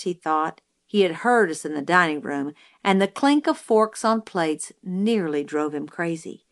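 A lowish voice with lively intonation belongs to this woman reading a novel aloud as an audiobook narrator, in a measured storytelling way.

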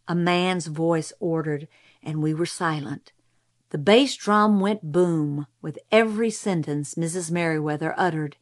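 A woman giving a measured storybook narration. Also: on the low side. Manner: unhurried, measured reading. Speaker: audiobook narrator.

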